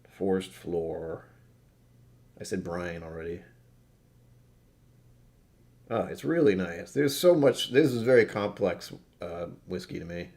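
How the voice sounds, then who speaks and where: A man's voice: low-pitched, animated, takes it slowly, gravelly, long pauses, a little mellow. Rambling tired man reviewing whisky. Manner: rambling, self-deprecating, swears casually. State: tired from poor sleep. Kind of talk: casual tasting notes to camera.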